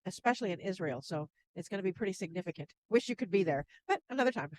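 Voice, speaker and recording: A woman guest who works as a spiritual channel, speaking gently and laughing softly between thoughts. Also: lowish voice, expressive, quick pace, background noise. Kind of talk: casual interview chat.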